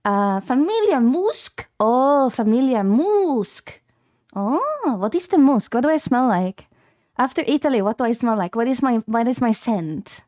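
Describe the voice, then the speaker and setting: A woman's voice: on the high side, very animated, moderate pace, a little mellow, no echo, studio quality. A woman livestreaming from home, chatting casually with her viewers in a bubbly, giggly way, repeating greetings playfully.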